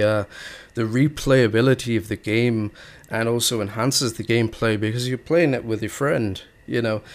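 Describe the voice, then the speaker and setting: Man rambling with many fillers. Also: fairly low pitch. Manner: hesitant, many fillers and restarts. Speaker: gaming video host. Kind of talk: casual rambling commentary.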